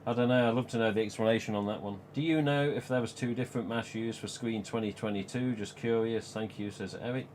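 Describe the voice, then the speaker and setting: A male live stream host and collector talks casually and rambles, often chuckling. His voice is fairly low, steady, and darkish, moving at a quick pace with few pauses, and slight background noise is audible.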